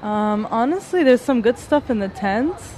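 A woman's voice: fairly high pitch, animated, measured pace, darkish tone, a little hiss or hum. A woman textile artist being interviewed outdoors at a design event. She talks in a hesitant way, with fillers and restarts. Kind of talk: casual interview answers.

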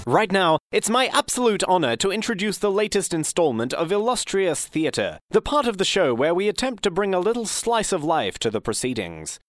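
A man hosting a comedy fact show in a deadpan, pompous mock-radio manner. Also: sits high, normal speed, few pauses, dry recording.

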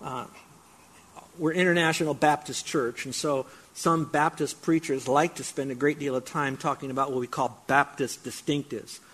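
A man's voice: medium pitch, steady tone, normal speed, fairly bright tone, slightly rough. A male pastor preaching a sermon, emphatic, breaking into mocking raised-voice asides.

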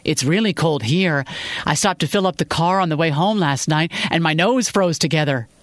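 A narrator voicing a gentle, lonely middle-aged father who speaks softly and affectionately, a little hesitant. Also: medium pitch, moderate pace, dry recording, lightly acted. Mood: tender. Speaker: character in a read story.

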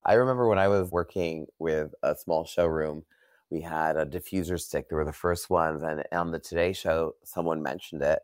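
A man's voice: extremely low pitch, moderate pace, no echo, studio quality. A man hosting a podcast in casual interview chat, easygoing and chatty with many fillers. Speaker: podcast host.

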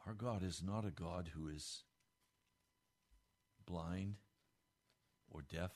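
A male pastor delivering a radio sermon, building to emphatic peaks and then dropping low and quiet. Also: slow pace.

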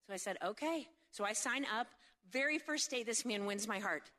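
A woman delivering a humorous sermon in a high, bright voice, animated and jokey, full of quick asides. She keeps checking in with the crowd through rhetorical questions. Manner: seeks agreement with frequent rhetorical questions. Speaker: speaker at a faith event.

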